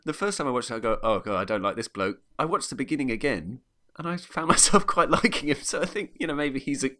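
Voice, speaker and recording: Bright-voiced chatty man. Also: on the high side, animated, fast. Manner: chatty, rambling, laughs often, many restarts. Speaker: podcast co-host reviewing a film. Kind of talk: casual chat.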